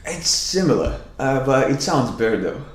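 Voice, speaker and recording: A young Lithuanian man with a Lithuanian accent, a comedian chatting casually as a podcast guest, laughing often and cracking deadpan dark jokes. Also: mid-range voice, normal speed. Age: young adult. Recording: echoey room.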